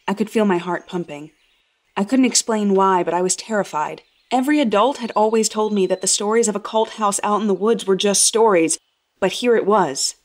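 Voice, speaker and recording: A woman reading a first-person horror story in a measured, tense voice. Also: medium pitch. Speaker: narrator.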